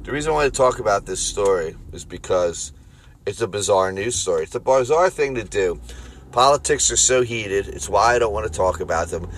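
A man with a Philadelphia accent hosting a solo podcast from his car, rambling crudely and jokingly between loud bursts and mutters. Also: fairly low pitch, lively intonation, fairly quick, a little hiss or hum. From Philadelphia area. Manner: rambling, crude, jokey, swings loud and quiet. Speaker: podcast host. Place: car on the road.

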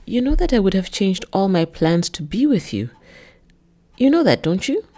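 A woman voicing a controlling, jealous man who speaks flat and cold, then bursts into shouts. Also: medium pitch, normal speed, pitched above the performer's own voice. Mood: wounded.

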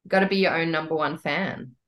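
A woman's voice: sits low, fast talker, fairly bright tone. A woman co-hosting a podcast, chatting casually with many fillers. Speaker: podcast co-host. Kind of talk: casual chat.

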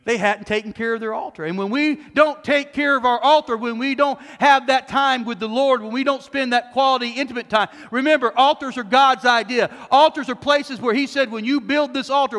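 A male pastor preaching a sermon emphatically, swinging between loud, high bursts and low, quiet asides, sometimes mocking as he acts out quoted speech. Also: fairly quick, few pauses. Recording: long reverb of a church hall.

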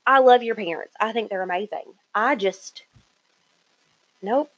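A woman's voice: medium pitch, a little slow, dry recording. A woman co-hosting a casual chat, retelling a reality show in detail.

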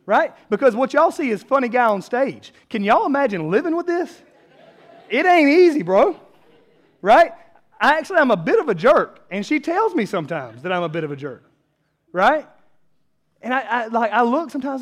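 A man's voice: sits high, expressive, fairly quick. A man in his thirties preaching a sermon as a pastor, conversational and self-deprecating, building to emphatic peaks.

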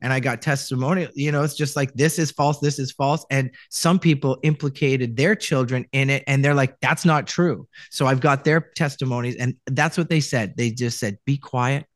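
A man's voice: mid-range voice, fairly even intonation, moderate pace, hardly any pauses, no room sound. Canadian man telling his story, dry room. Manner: rambling, many restarts, acts out quoted lines. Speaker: voice actor guest. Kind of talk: casual interview storytelling.

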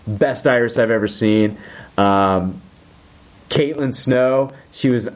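Male podcast host, casual recap, excitable and profane. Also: medium pitch, slow. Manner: excited, swears a lot, acts out quotes. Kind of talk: casual chat.

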